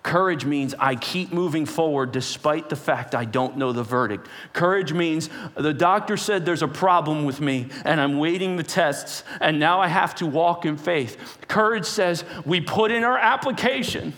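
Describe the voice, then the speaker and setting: A man preaching a sermon, telling the story with animated energy and acting out the characters with sudden jumps in pitch. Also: moderate pace, hardly any pauses, long reverb tail. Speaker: pastor.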